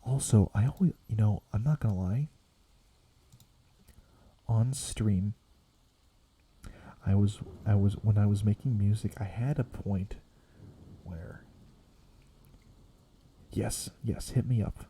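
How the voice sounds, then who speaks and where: A young man streaming as a VTuber, rambling softly in a quiet ASMR chat that slips into whispers. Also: fairly low pitch, takes it slowly, pauses often, husky. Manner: soft rambling, drifting between quiet voice and whisper.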